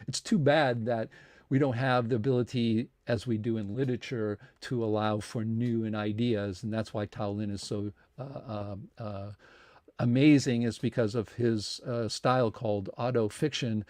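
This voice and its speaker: A man's voice: mid-range voice, fairly even intonation, normal speed, a little mellow, dry recording, clean studio sound. A man hosting a science talk series, giving a rambling spoken introduction and appeal for donations, full of fillers and restarts.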